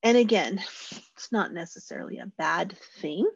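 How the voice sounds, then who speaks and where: Husky woman teaching parents. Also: expressive, moderate pace, dry recording. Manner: acts out parent and child lines in a higher voice. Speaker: parenting educator. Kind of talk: informal parenting workshop talk. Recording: dull lo-fi dry sound.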